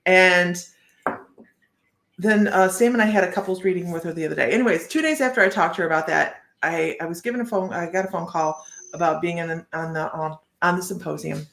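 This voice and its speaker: A woman's voice: lowish voice, brisk, vocal fry, fairly bright tone. A woman hosting live psychic card readings. She chats in a rambling way and often restarts her sentences. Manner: chatty, rambling, with many restarts. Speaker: psychic reader and show host. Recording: roomy echo.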